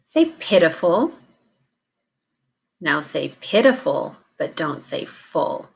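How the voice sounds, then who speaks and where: A woman teacher leading a recorded classroom warm-up drill, slow and deliberate, pausing between prompts. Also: low voice.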